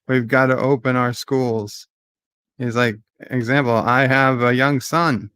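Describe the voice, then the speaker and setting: A man giving live commentary on a debate. He paraphrases the speakers, reads out viewer chat and gets excitable at times. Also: mid-range voice, a little slow, clean tone, no room sound.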